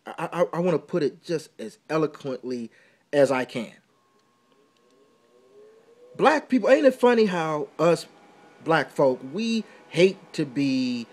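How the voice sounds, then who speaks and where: Talk radio guy ranting, slightly high voice, very animated, gets loud and emphatic. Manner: impassioned and preachy, building to loud emphatic outbursts. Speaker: talk show host. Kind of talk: opinionated talk radio monologue. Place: small indoor room.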